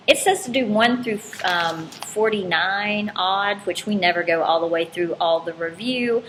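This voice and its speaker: A woman's voice: mid-range voice, a bit bright. A woman teaching an algebra lesson in a casual, chatty way, correcting herself as she goes. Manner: chatty, informal, self-correcting. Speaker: math teacher. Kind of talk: recorded classroom lesson. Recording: roomy with faint background noise.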